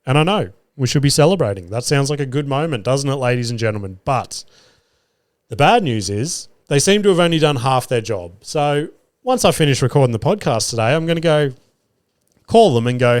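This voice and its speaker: A man's voice: medium pitch, expressive, normal speed, no room sound, clean studio sound. An Australian man hosting a podcast, telling stories in a casual monologue, swearing freely and acting out what he said. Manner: swears freely, acts out his own quoted lines. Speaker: podcast host and stand-up comedian.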